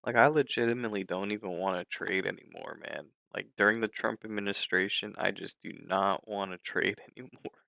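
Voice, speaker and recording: A young man commenting on his trading during a live stream, frustrated and swearing in drawn-out outbursts. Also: lowish voice, gravelly, bright, forceful tone, no echo, low-quality recording. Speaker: livestreaming futures trader.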